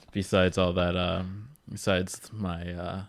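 Very deep-voiced hesitant man. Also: little pitch movement, slow pace, no echo. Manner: hesitant, trailing off, many fillers. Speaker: podcast co-host. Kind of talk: casual chat.

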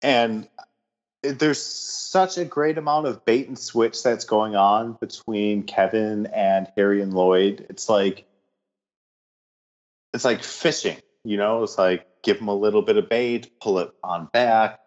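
Man, co-host, low voice, muffled lo-fi audio, relaxed film talk. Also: measured pace. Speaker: podcast co-host. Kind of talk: casual chat.

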